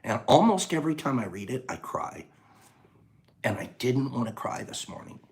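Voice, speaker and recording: A man hosting a casual livestream, chatting playfully with viewers and reading their comments aloud, dropping to hushed whispers at times and breaking into loud laughter at others. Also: medium pitch, sing-song, moderate pace, gravelly. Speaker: livestream host.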